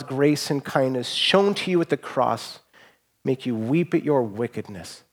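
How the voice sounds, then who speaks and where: A man delivers a heartfelt sermon from the pulpit. His voice sits at an ordinary middle pitch, and he talks earnestly, restarting phrases and letting his endings fall away quietly. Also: lively intonation, a little slow. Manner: earnest, emotional, with frequent restarts and soft trailing endings. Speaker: pastor.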